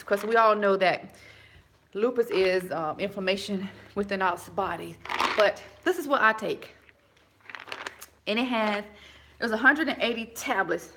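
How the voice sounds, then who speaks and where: A woman's voice: medium pitch, measured pace, a bit bright. A woman chatting casually with live viewers from her home, rambling with many restarts. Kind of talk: casual live-stream chat.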